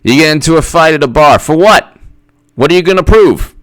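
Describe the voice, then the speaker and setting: A man giving casual political commentary in an animated, incredulous way, firing off rhetorical questions and repeating himself. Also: fairly high pitch, brisk. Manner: greets live chat viewers by name.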